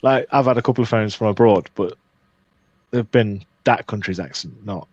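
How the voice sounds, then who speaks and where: A man's voice: on the low side, normal speed, a little mellow, no room sound, dull audio. A British man co-hosting a podcast in casual chat, teasing and cheeky with a dry wit. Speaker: podcast co-host.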